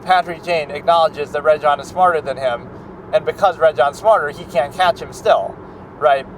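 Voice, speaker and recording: A man's voice: a little high, moderate pace, slight background noise, rough recording. Rambling man talking about films. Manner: rambling, full of "like" and restarts. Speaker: film critic. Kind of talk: casual spoken commentary.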